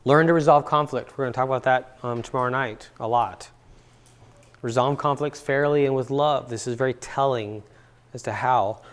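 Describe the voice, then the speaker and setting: A man's voice: medium pitch, moderate pace. A middle-aged man giving a relationship seminar to an audience, chatty and repeating words for emphasis. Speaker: seminar speaker and counselor. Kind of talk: relaxed seminar talk with stories. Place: university seminar room.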